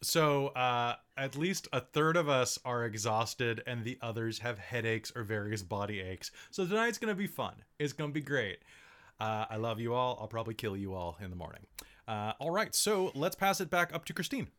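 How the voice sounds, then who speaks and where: A man's voice: medium pitch, lively intonation, normal speed, fairly bright tone. A man serving as game master, chatting casually and joking, with lots of fillers before the tabletop game starts. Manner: joking, rambling with many fillers.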